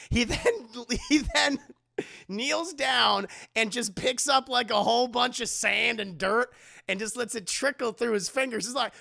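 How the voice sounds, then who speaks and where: Young guy ranting a movie recap to chat, high gravelly voice, bright and cursing a lot. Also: measured pace. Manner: animated, profane, acts out characters in mock voices. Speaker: streamer reviewing a movie.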